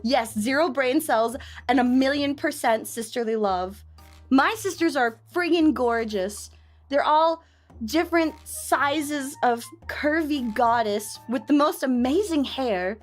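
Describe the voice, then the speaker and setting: A young woman streamer chatting casually, telling stories in an excitable, gushing way. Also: sits high. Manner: excitable, gushing storyteller with lots of laughter. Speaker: VTuber streamer.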